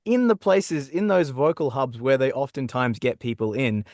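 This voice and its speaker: A man's voice: medium pitch, normal speed, a little mellow, no room sound. Young Australian man, very dry booth sound. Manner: rambling, many fillers and restarts. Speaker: guest voice actor. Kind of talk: casual podcast interview. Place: small foam-lined home vocal booth. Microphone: studio condenser mic.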